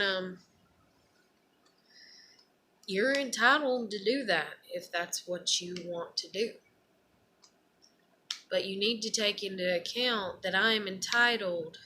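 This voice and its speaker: Woman, earnest unscripted personal talk, slow delivery, faint background noise. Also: mid-range voice. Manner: earnest, rambling, turns loud and emotional when acting out despair. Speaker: speaker giving a personal talk.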